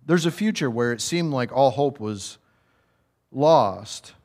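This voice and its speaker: A man's voice: medium pitch, animated, takes it slowly, a little mellow. A man preaching a conversational, humorous sermon that builds to raised, emphatic passages.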